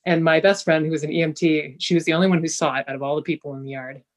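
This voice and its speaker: A woman's voice: sits low, racing. A middle-aged woman, a healer and guest, telling a personal story in a casual interview and acting out the things people said. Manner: lively storyteller who acts out quoted speech.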